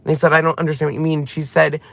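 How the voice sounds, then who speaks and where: Heartfelt male vlogger near tears, rambling and gravelly, close dry mic. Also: a little high, level tone, racing, a bit bright, no echo. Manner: tearful, heartfelt, rambling retelling. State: emotional, close to crying. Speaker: channel host. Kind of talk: emotional personal vlog talk.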